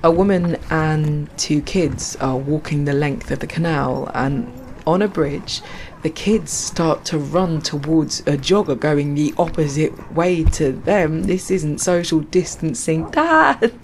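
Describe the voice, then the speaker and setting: A woman's voice: low-pitched, takes it slowly, darkish tone, a little hiss or hum. A woman telling reflective, poetic stories with wry asides while walking outdoors along a canal. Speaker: storyteller. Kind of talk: reflective spoken-word storytelling.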